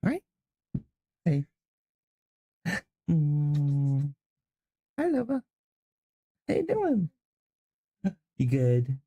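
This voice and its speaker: A woman talking baby talk to her pets, with high, loud cooing that often turns away from the mic. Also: wildly swooping pitch, drawn-out words, long pauses, breathy edge, no echo.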